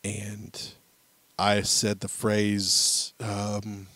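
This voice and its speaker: With a lowish voice and drawn-out words, a man in his thirties co-hosts a podcast, sharing a family anecdote in casual talk. There's no room sound, and he plays out the quoted voices as a lively storyteller.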